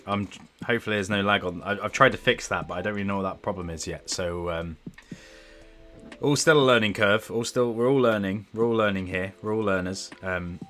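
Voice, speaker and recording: Bright-voiced man chatting on stream. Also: lowish voice, brisk, soft background music. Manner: chatty, rambling and self-deprecating. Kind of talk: casual livestream chat. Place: at home.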